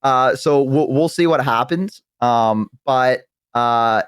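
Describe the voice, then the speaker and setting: A man's voice: mid-range voice, slow, clean tone, no echo. A man chatting casually on a live stream, rambling and talkative with many restarts, close to a desk microphone.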